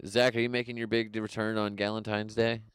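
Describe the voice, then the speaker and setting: A man's voice: fairly low pitch, flat delivery, clear, resonant tone, no echo, studio quality. A man co-hosting a comedy podcast over a video call, rambling and joking. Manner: rambling, joking, quick to do voices. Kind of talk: casual chat.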